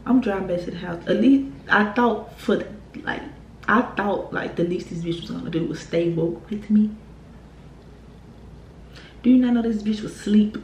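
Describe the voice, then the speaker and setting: Medium-pitched and moderately paced, this young woman pauses often as she tells a storytime on her YouTube channel. The casual vlog is an animated, heated retelling full of profanity and laughs, recorded in an echoey room with faint noise.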